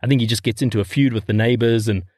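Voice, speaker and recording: A man's voice: mid-range voice, fairly even intonation, very fast, darkish tone, no echo, clean studio sound. A married man co-hosting a podcast, chatting casually about old comedy movies, rambling and laughing at his own stories. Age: adult, married. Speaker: podcast co-host. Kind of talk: casual chat.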